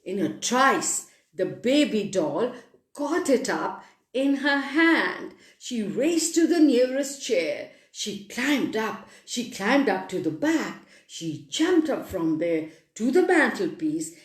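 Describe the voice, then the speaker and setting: Slow, expressive woman reading to children. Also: a little high. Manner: expressive, animated reading with sound effects. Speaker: children's storyteller. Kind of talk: reading a children's story aloud. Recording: echoey room.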